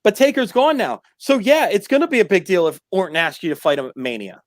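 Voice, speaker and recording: Animated man arguing wrestling. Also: sits high, quick pace, dry recording, studio quality. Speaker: sports talk host. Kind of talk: casual debate.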